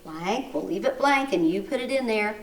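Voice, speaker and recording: A woman teaching a recorded lesson to young children, gently coaxing and asking them questions, reading sentences aloud with exaggerated rises and falls of her voice. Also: mid-range voice, animated, recorded from a distance, slight background noise. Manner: slow, exaggerated read-aloud with rising and falling voice.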